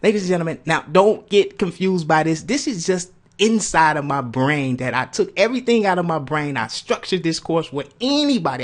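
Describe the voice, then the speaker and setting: An excited man with a high, eager voice pitches his marketing course straight to camera. He talks in bursts of enthusiasm and keeps calling out to his audience as ladies and gentlemen. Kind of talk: sales pitch video.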